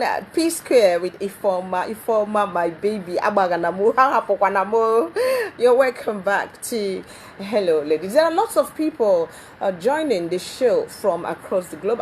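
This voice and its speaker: A woman hosting a live talk show, speaking haltingly with many ums and restarts. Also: medium pitch, darkish tone, a little hiss or hum, rough recording. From Nigeria.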